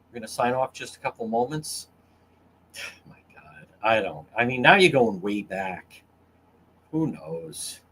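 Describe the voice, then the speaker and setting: A man's voice: medium pitch, fairly bright tone, slight background noise. A man hosting a casual livestream, crude and mocking as he reads comments from chat. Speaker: livestream host.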